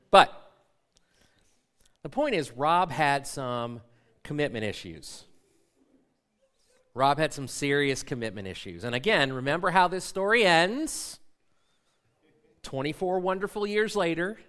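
A male pastor in his forties tells a funny personal story from the pulpit and pokes fun at himself as he acts out every line of dialogue. His voice sits a little high for a man and swings widely up and down. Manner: animated storyteller, self-mocking, acts out dialogue.

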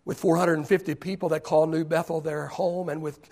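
An older man, a pastor, preaching a sermon that swings from quiet storytelling to loud shouting. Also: on the high side, flat delivery, fairly quick.

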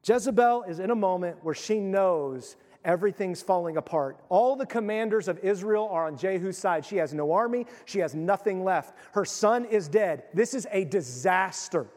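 A man's voice: sits high, animated, moderate pace, few pauses, darkish tone, in a large hall. A middle-aged male pastor preaching a sermon in a conversational, emphatic way.

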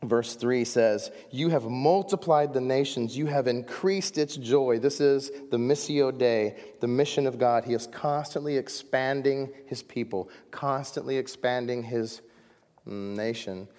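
A man's voice: mid-range voice, a little slow. Dramatic preacher man in a reverberant hall. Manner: dramatic preaching, swings from loud to hushed. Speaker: pastor. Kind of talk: sermon. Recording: long reverb of a large hall.

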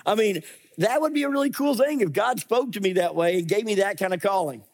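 A middle-aged male pastor preaching a sermon, animated and acting out voices in his stories. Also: high-pitched, fairly quick. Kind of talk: sermon with scripture reading.

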